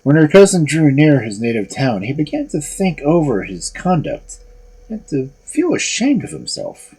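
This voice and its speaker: A storyteller reading a fairy tale aloud in an expressive, dramatic way. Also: medium pitch, moderate pace, husky, low-quality recording.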